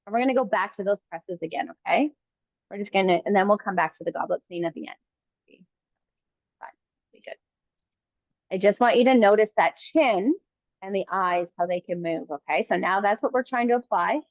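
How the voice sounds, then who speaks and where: A woman coaching a kettlebell workout live, giving calm encouraging cues in short phrases. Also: medium pitch, fairly quick, pauses often, dry recording, muffled recording. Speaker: fitness coach.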